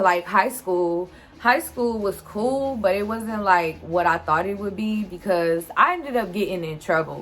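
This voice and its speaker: A woman's voice: on the low side, a bit bright, a little hiss or hum. A woman, animatedly telling a casual storytime straight to her viewers. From Detroit, USA. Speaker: vlogger.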